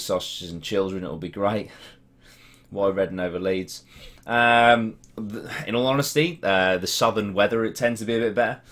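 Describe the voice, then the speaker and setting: A young man with a Norwich accent and a low, deep voice chats on a live stream. He reads out viewers' comments in laddish banter and swears freely. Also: fairly bright tone. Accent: English, Norwich. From Norwich, England. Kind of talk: casual live-stream chat reading comments.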